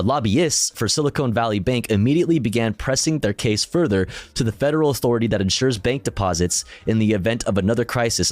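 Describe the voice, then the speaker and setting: A man's voice: lowish voice, dry recording. A male streamer casually reading news articles aloud and commenting, profane and self-deprecating, often stumbling over his words.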